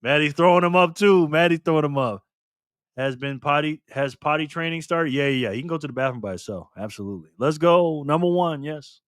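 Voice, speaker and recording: A man hosting a casual live stream, reading the chat aloud with excitement and frequent laughter. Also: a little high, a little fast, no echo, clean studio sound.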